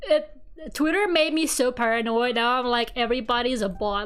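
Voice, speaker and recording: A young woman streamer telling a story in a casual, animated rant, swearing and laughing along the way. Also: a little high, normal speed, smooth. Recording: faint music behind.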